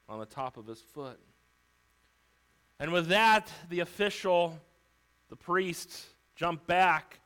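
A man's voice: fairly high pitch, a bit bright, clear, resonant tone. A man preaching a sermon, retelling a story vividly and theatrically.

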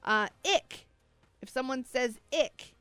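A woman's voice: sits high, steady tone, slow pace, pushed and bright, smooth, no room sound, faint music behind. A woman co-hosting a morning radio show, chatting casually and reacting with playful indignation. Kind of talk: casual on-air banter. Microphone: studio microphone. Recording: dry studio sound.

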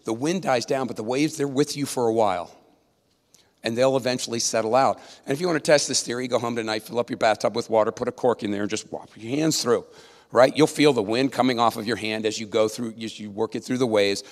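A man's voice: medium pitch, fast. A man preaching a sermon in a conversational, emphatic way, often checking in with his listeners. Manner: conversational, emphatic, with tag questions. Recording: long reverb of a large hall.

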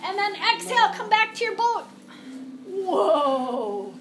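A woman with a very high voice talks fast in a flat delivery. She's a yoga teacher leading kids through a class in a classroom or studio, playful and encouraging with sing-song animal cues, as music plays in the echoey room.

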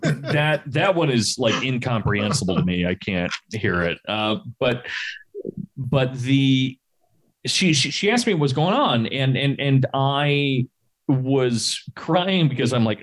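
A man's voice: medium pitch, expressive, a little slow. A man co-hosting a podcast, telling a rambling, swear-laden story with chuckles in casual chat. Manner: rambling storytelling with laughs and profanity. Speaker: podcast co-host.

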